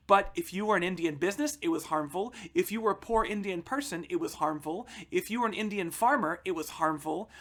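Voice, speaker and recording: A man teaching a history lesson to students in a conversational way, often calling them guys and checking in with "all right?", and lifting his voice to stress key points. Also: a bit bright. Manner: emphatic, lifts pitch and volume to stress key points. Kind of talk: recorded history lecture for students.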